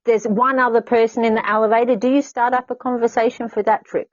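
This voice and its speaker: A woman's voice: fairly high pitch, flat delivery, fast, no echo. Aussie woman hosting, giggly and talkative, dry close sound, bit dull. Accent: Australian. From Australia. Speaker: host. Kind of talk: casual chat.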